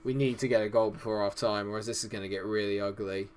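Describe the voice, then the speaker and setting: A man's voice: on the low side, fairly even intonation, fast, a little hiss or hum. A young man commentating casually on his own football management game, swearing freely and cheering and groaning at the action. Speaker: gaming YouTuber.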